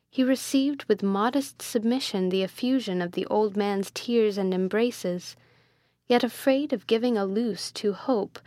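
A woman narrating a classic novel as an audiobook, in a slow, measured, formal reading. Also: mid-range voice, dry recording.

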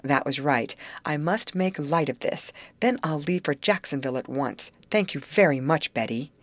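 A woman reading the part of a worried, decisive father who is a lawyer, speaking briskly. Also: deep voice, expressive, no room sound. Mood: urgent.

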